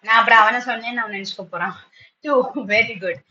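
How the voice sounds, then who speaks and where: A woman teacher with a bright, ringing tone pitched a little high. She is patient and encouraging, with frequent words of praise, and slips into when she explains something to her students. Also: racing, highs cut off, slight background noise. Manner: switches into Tamil when explaining. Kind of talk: online spoken English class.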